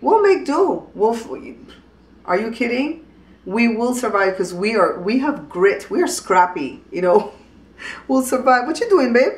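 A woman's voice: on the high side, sing-song, a little slow, echoey room. A woman hosting a casual home vlog, outspoken and teasing as she talks to the camera. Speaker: vlog host. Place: at home in a hallway.

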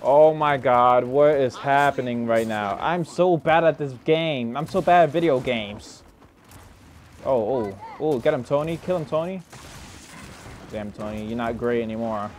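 A young man giving live commentary over his own gameplay, grumbling, swearing at teammates and putting himself down, with mumbled asides that break into sudden shouts. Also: medium pitch, a little slow, a little hiss or hum. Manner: frustrated, self-deprecating, swears and mutters at teammates. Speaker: gaming YouTuber.

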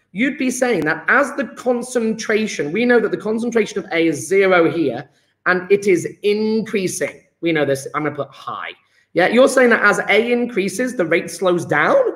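Male chemistry teacher, upbeat and chatty, high-pitched, roomy echo on a computer mic. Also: a bit bright. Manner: chatty, encouraging, quizzes students by name. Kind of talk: live online lesson. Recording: echoey room.

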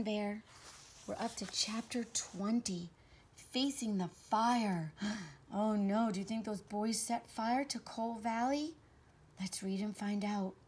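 A woman hosting a children's reading show, reading a storybook aloud in an animated read-aloud manner. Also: a little high, husky, low-quality recording.

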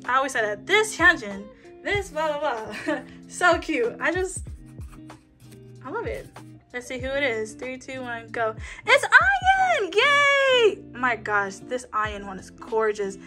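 A young woman chatting excitedly as she unboxes albums, counting down and squealing at each reveal. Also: fairly high pitch, a little slow, over music. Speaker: K-pop album unboxing vlogger. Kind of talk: excited casual unboxing chat.

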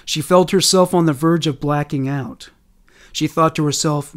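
A man reads a scripted true-story narration. He keeps a steady, measured storytelling delivery in a slightly high voice.

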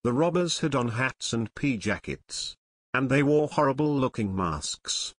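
A man voicing an excitable male bank guard who stammers in an audiobook. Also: medium pitch, measured pace, no room sound, studio quality. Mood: excited.

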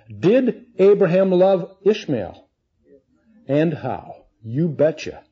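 Male Bible teacher, warm husky voice, conversational, lo-fi sermon tape. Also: a little high, sing-song, slow. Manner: conversational, asks the audience questions. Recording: dull lo-fi recording.

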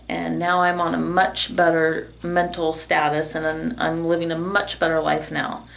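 A woman's voice: on the low side, gravelly, recorded from a distance. A woman talking to her viewers in a casual vlog from her bathroom, emotional and heartfelt. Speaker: vlogger. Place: home bathroom. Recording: echoey room, voice a bit off-mic.

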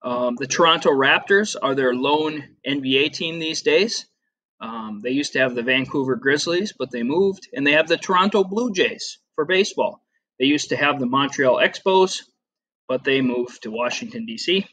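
Bright-voiced man giving a rambling lecture. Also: medium pitch, moderate pace. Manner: chatty, rambling, with frequent fillers and asides. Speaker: teacher. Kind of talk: casual classroom lecture over slides.

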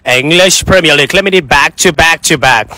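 A Nigerian man running excitable, sing-song mock football commentary. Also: a little high, normal speed, no echo.

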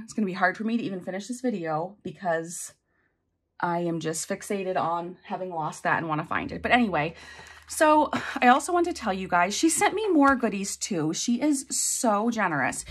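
A woman's voice: mid-range voice, expressive, moderate pace, breathy edge. A woman vlogger chatting casually as she unboxes mail, effusive and chatty with frequent exclamations. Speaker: budgeting vlogger.

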